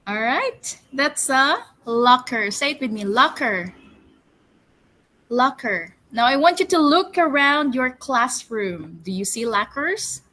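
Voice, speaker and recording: A woman teaching English to young children, speaking slowly and clearly, drilling words for them to repeat and praising them. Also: sits high, very animated, pushed and bright, rough recording. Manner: slow, clear, encouraging, drills words for repetition. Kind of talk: classroom storytelling lesson for children.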